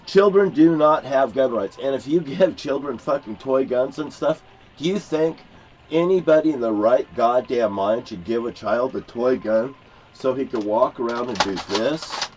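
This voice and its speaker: An older man delivers a rambling, heated monologue, swearing freely and hammering his points. His voice sits at an ordinary middle pitch. The recording sounds muffled and lo-fi, with a faint hiss underneath. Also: normal speed, darkish tone. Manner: profane, blunt, rambling, emphatic. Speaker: vlogger. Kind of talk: angry ranting monologue.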